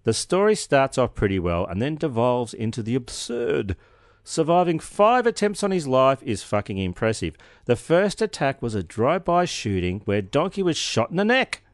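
A man's voice: medium pitch, big pitch swings, moderate pace, no echo, clean studio sound. A young man, co-hosting a casual podcast with a joking, sarcastic and sweary manner. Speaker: podcast co-host. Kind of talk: casual chat.

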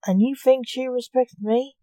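A woman's voice: sits high, steady tone, a little slow, mellow, no room sound, voice pushed up. A woman reading the part of a cold, skeptical male Grim Reaper king who works as a coroner, in a light tenor register.

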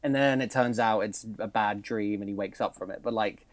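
A man's voice: lowish voice, normal speed. A young man, co-host of a casual podcast, animatedly recounting a film plot with laughs and swearing. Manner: animated, laughing, swearing, acts out quoted lines.

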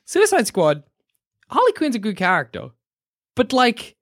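A man chatting casually on a podcast, jokey and animated, tossing in quick character voices. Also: very high voice. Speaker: podcast co-host. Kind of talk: casual chat.

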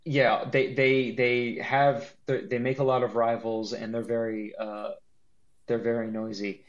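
A man co-hosting a podcast in casual chat, animated and joking, with a lot of laughing and restarts. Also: medium pitch, measured pace, muffled recording. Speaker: podcast co-host.

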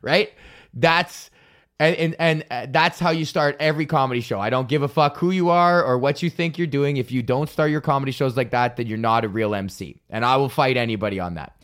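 A man's voice: medium pitch, a little fast. A man hosting a comedy podcast, telling a loose, profanity-laced story rant. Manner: swears a lot, loose and animated, fillers and restarts.

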